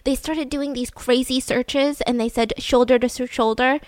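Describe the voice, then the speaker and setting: A young woman retells a case to her co-host in a casual, talkative way, with a lot of "like" and "I mean". Her voice sits a little high. The sound is close and dry, with no room around it. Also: steady tone, moderate pace, no room sound. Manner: chatty, leans on fillers like "like" and "I mean". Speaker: podcast co-host. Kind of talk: casual true-crime storytelling.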